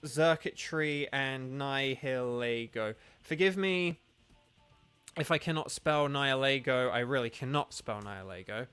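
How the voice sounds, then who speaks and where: A man's voice: medium pitch, moderate pace, hardly any pauses, fairly bright tone, clear, resonant tone, soft background music. A man chatting casually with viewers during a live game stream, rambling and organizing who plays next.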